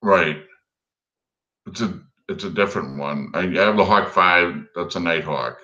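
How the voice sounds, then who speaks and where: A man's voice: sits low, measured pace, pushed and bright, highs cut off. A man co-hosting a casual live stream, goofing around with silly animal calls and impressions.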